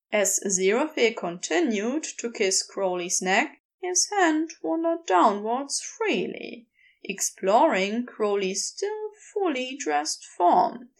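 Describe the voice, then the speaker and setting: A woman narrating a romance story in a slow, expressive reading. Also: on the high side, creaky. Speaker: fan fiction reader. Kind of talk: scripted narration.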